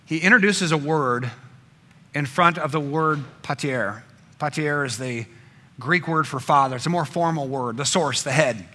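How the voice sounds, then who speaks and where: Bright-voiced preaching man. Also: fairly high pitch, normal speed. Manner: dynamic, swinging from emphatic to hushed. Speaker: pastor. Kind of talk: sermon.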